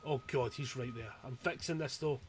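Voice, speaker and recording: A man giving live commentary on his own gameplay, swearing freely and breaking into panicked yells. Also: medium pitch, normal speed, slight background noise. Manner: sweary, excitable, given to panicked yelling. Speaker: streamer.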